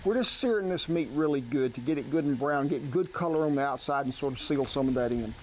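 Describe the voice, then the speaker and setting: A man's voice: mid-range voice, quick pace, a little mellow, slight background noise. A man hosting a cooking show, walking through a recipe in a folksy, homespun drawl.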